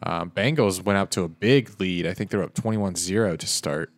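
A man co-hosting a podcast, chatting casually about football, quick and joking. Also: sits low. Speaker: podcast co-host. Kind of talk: casual sports chat.

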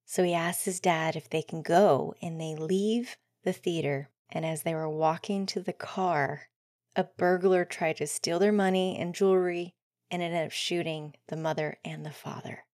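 A woman hosts a solo podcast in an earnest, heartfelt way. Her voice sits a little low, and she often sinks into soft near-whispers. The recording is close and dry, with no room sound. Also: fairly even intonation, normal speed, no echo. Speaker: podcast host.

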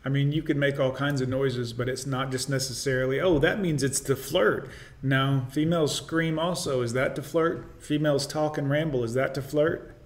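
A man delivers reaction commentary in a blunt, opinionated way. His voice sits at an ordinary middle pitch, and he speaks in a lecturing, matter-of-fact manner. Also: steady tone, moderate pace, hardly any pauses.

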